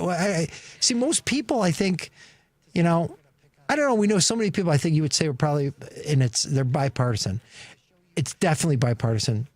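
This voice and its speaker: A man's voice: a little high, dry recording. A man, a former state senator, co-hosting a radio talk show in studio, earnest and searching as he talks. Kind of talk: casual political chat.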